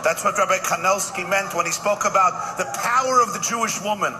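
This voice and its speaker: Rabbi guy doing a comic speech, kinda high voice, repeats his punchlines, lots of noise on the recording. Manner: punchy joke-telling with quick asides and repeated punchlines. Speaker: rabbi giving a humorous speech. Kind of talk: live comic speech telling jokes. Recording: noisy live event recording.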